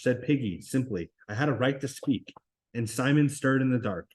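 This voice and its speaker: A man of medium pitch reads from a novel to a class at normal speed, with restarts here and there. He stops from time to time to explain the passage, giving a classroom read-aloud with commentary.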